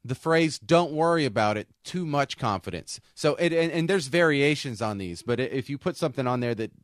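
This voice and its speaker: A man's voice: mid-range voice, expressive, brisk, dry recording, studio quality. Rambling man on a talk show. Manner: rambling, self-interrupting with restarts. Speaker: co-host. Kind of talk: casual talk show banter.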